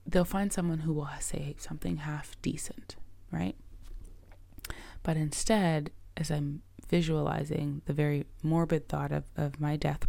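A middle-aged woman hosting her own podcast as a coach, talking in an earnest, reflective way and often dropping to a soft, breathy near-whisper. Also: low voice, no room sound. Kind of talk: reflective solo podcast talk.

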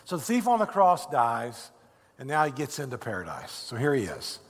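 Male pastor, earnest sermon, animated pitch, long hall reverb. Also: normal speed, husky. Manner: earnest, stumbling restarts. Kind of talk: sermon with a story read aloud.

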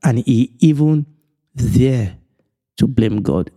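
A man's voice: mid-range voice, measured pace, mellow. A man giving a Bible teaching, stressing points through repetition and chuckling now and then. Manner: repetitive, emphatic phrasing with chuckles.

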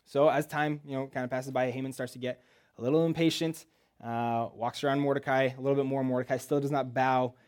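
A man with a medium-pitched, darkish voice and fairly even intonation preaches in a church. He retells a Bible story casually and jokingly, full of rhetorical questions and quick asides.

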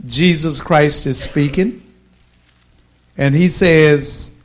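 A man preaching a sermon with a slow, drawn-out cadence, pausing for emphasis and delivering forceful declarations. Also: on the high side.

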